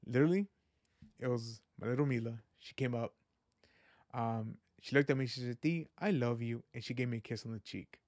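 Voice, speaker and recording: A podcast host gives a casual personal monologue, earnest, rambling, reflective and faith-minded, peppered with "you know" and "like." His medium-pitched voice is steady in tone, fairly quick and a little mellow. The studio-quality recording has no echo.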